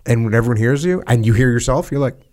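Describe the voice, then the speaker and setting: A man from the United States, a podcast host, talking in a relaxed conversation and telling stories in a steady, reflective way. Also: mid-range voice, fast. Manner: reflective, retells radio calls in a calm level voice. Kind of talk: casual conversation.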